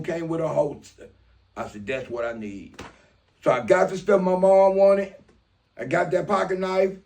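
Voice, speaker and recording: A man's voice: sits high, vocal fry, darkish tone. Profane older man telling stories. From Mobile, Alabama. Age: 60s. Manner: profane, streetwise, acts out dialogue. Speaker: storyteller. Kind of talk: casual personal storytelling.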